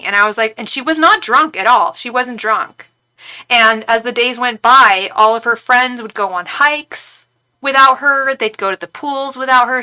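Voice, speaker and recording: Woman, tarot streamer, bright tone, animated gossip with lots of restarts. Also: fairly high pitch. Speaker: tarot reader and psychic on a live stream. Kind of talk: casual storytelling to a live chat.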